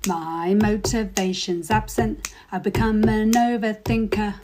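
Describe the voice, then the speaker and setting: A woman's voice: medium pitch, steady tone, a little slow, background noise. Woman reciting comic verse. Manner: rhythmic recitation.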